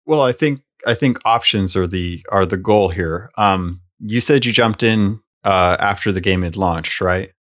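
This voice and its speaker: A man with a very low, deep voice talks things through in a casual discussion. He reasons carefully, pausing on fillers and restarting his sentences as he lays out his view. His delivery stays measured and even-tempered.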